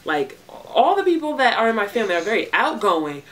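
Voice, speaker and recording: A woman's voice: on the high side, big pitch swings, fairly quick, fairly bright tone, distant mic. A young woman vlogger answering viewer questions in a casual, laid-back way, breaking off to talk to her baby. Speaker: beauty and hair vlogger. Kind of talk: casual Q&A vlog.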